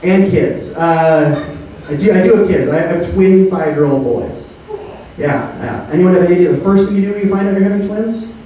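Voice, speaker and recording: A man in his thirties performing a stand-up comedy set on a club stage, deadpan, with frequent filler words. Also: high voice, moderate pace, slight background noise. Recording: roomy club sound from a distance. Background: faint room ambience.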